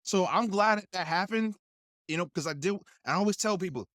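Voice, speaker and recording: A man's voice: high voice, brisk, dry recording, studio quality. A man who is a guest actor, telling a story in casual chat and animatedly acting out the voices he quotes. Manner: animated, acts out quoted voices, laughs often.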